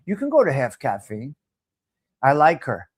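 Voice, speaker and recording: A man's voice: medium pitch, huge pitch swings, normal speed, breathy edge. A man hosting a live talk show, brash and profane, repeating himself as he riffs. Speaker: host.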